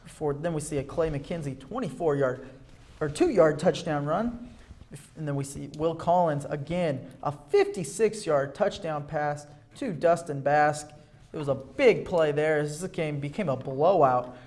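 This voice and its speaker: Young man calling football highlights. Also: measured pace. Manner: energetic, with fillers and self-corrections. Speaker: sports show co-host. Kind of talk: highlight play-by-play commentary.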